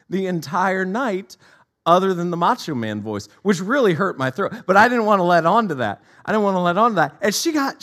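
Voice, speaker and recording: A man in his forties preaching a sermon, telling stories with lively repeated phrases. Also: high-pitched.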